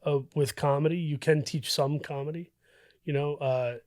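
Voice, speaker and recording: A man, a guest on a podcast, speaking reflectively with many pauses and restarts. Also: on the high side, steady tone, a little mellow, no room sound, clean studio sound. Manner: thoughtful, halting with fillers and restarts. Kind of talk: reflective casual conversation.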